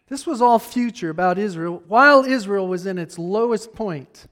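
A man preaching a sermon in a conversational way, dropping to near-hushed asides and then rising to fired-up emphasis. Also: sits high, expressive, moderate pace, few pauses.

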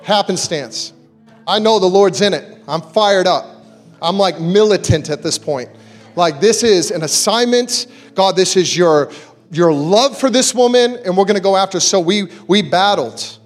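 A man with a fairly high voice tells a personal faith story to a congregation. He moves between narration and lively acted-out quotes. Soft music plays faintly underneath. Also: unhurried. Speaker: church speaker giving a testimony. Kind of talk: storytelling sermon.

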